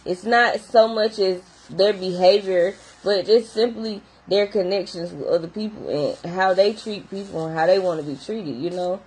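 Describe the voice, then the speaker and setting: A woman's voice: medium pitch, moderate pace, few pauses, darkish tone, breathy edge, poor audio. A young adult woman who works in behavior therapy, talking casually and animatedly straight to her viewers. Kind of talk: casual talk to camera.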